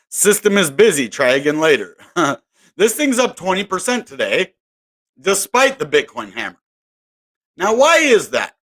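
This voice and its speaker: A man talking through the crypto market in a loose, rambling way, restarting sentences and sounding fed up. His voice sits a bit high for a man. It has a bright, forceful tone. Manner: rambling, exasperated, self-interrupting. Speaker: crypto video host. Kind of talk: casual market commentary.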